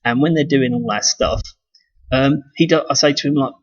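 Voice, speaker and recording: A man's voice: mid-range voice, steady tone, normal speed. A man from the United Kingdom talking casually in a rambling monologue, swearing and restarting his sentences. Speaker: video blogger. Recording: dull lo-fi sound.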